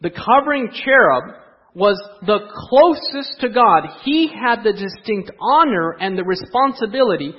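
In a church sanctuary, a male pastor preaches a sermon and poses rhetorical questions to his congregation. His slightly high, breathy-edged voice is animated yet measured in pace, dropping to quiet asides before rising for emphasis. The recording has a dull, muffled quality.

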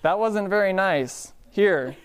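A man voicing a brisk, unflappable churchgoing woman in a story, matter-of-fact and politely insistent. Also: medium pitch, animated, smooth, pitched above the performer's own voice. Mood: unfazed.

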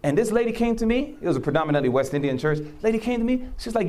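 His voice sits high and races as he shares conversational testimony, preaching and telling personal stories. He plays out what others said in lively fashion and laughs often.

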